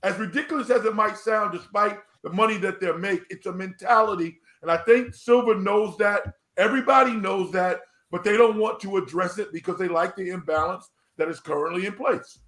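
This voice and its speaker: A man's voice: high voice, a little fast, hardly any pauses, a bit bright. Emphatic male panelist in a roomy space. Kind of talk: casual sports talk.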